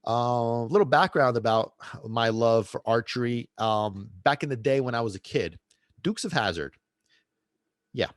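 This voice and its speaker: A man's voice: medium pitch, lively intonation, unhurried, no room sound, studio quality. A middle-aged man hosting a podcast, telling a casual story in a rambling way with many restarts and asides. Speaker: podcast host and dog trainer.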